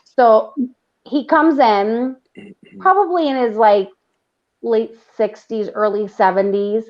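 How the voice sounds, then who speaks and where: A woman's voice: on the high side, slow. A woman co-host telling a story in casual chat, swearing freely and acting out what people said. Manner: animated, acts out quotes, swears a lot. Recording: dull lo-fi sound.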